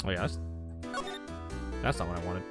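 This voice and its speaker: A woman streaming a game, muttering low, profane asides between voiced lines. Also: animated, moderate pace, over loud music. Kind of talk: live game playthrough with voiced dialogue.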